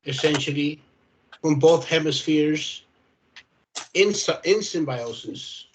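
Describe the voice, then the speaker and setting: A man's voice: a little high, lively intonation, takes it slowly, a little hiss or hum, poor audio. A man speaking as a guest on a video call, hesitant and repeating words as he starts. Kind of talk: casual conversation.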